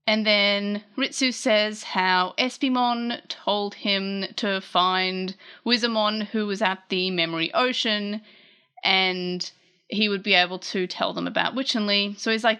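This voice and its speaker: A woman hosting a casual manga chapter recap, chatty and animated, often correcting herself mid-sentence. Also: medium pitch, a little slow, clear, resonant tone.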